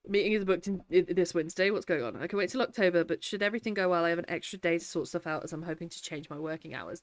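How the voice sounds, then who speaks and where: A woman's voice: fairly low pitch, rapid-fire, hardly any pauses, no echo. A woman streaming a game, chatting casually, reading her chat aloud and laughing often, sniffly and teary. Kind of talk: casual live-stream chat while gaming.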